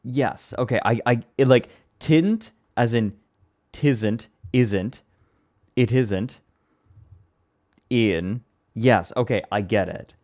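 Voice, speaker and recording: A male streamer reacts to clips in a casual stream. His voice sits low and he takes his time over every word. He comments in a laid-back, joking way. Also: slow, long pauses, darkish tone.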